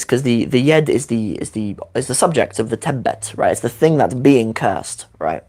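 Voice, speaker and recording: A man in his thirties with a croaky voice from a cold, giving a chatty, upbeat live-streamed Arabic lesson as the teacher. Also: medium pitch, lively intonation, a little mellow. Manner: chatty, upbeat, quick asides. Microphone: desk microphone.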